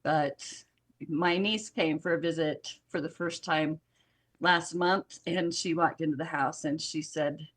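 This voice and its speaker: A woman's voice: low-pitched, steady tone, unhurried, slightly rough. A middle-aged woman telling stories in a casual podcast conversation as a guest. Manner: storytelling, chatty with laughs. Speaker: guest, jelly company owner.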